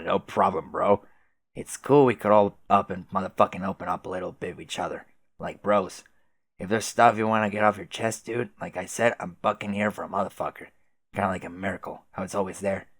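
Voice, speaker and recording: A man's voice: low-pitched, fairly even intonation, fairly quick, a bit bright, dry recording. A man voicing a laid-back, drawling clown boy troll who swears constantly. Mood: mellow.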